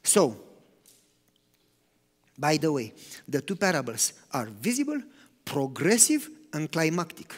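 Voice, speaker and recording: A man preaching a sermon, animated, swinging between loud emphatic lines and hushed, quiet ones. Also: fairly high pitch, takes it slowly, long pauses. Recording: long hall reverb.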